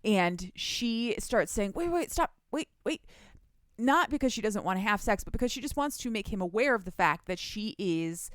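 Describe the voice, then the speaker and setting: A young woman chats casually on a podcast, retelling a story with animated energy and frequent laughter. Her voice sits at a middle pitch. The sound is dry and close, with no room echo. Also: normal speed, hardly any pauses. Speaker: podcast co-host recapping a book. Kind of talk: casual chat.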